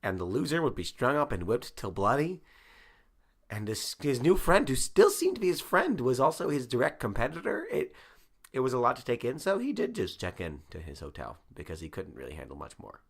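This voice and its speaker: A man co-hosting a comedy podcast, improvising a story aloud with halting restarts and fillers. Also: mid-range voice, huge pitch swings, creaky, breathy edge.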